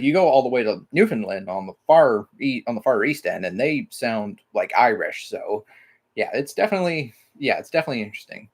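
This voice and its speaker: Rambling man chatting on a livestream. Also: mid-range voice. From Mississippi, US. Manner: rambling, heavy use of "like" fillers, casual swearing. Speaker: livestream host. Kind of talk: casual livestream chat.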